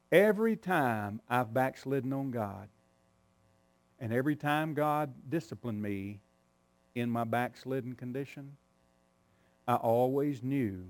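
A middle-aged man preaching a sermon, telling a family story with acted-out quoted voices and frequent laughter, moving from quiet low lines to loud high outbursts. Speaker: pastor.

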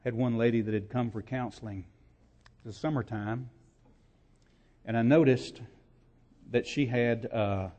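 A man preaching a sermon as pastor, repeating his points and rising from quiet storytelling to loud emphatic preaching. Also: mid-range voice, fairly even intonation, unhurried, pauses often. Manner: builds from quiet to shouting, repetitive emphatic preaching.

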